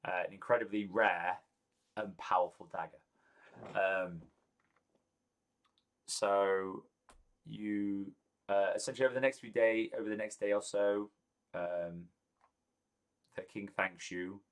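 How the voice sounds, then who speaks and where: A man's voice: lowish voice, fairly even intonation, slow, long pauses, rough recording. A man narrating a tabletop game as game master, hesitant and full of ums, laughing often.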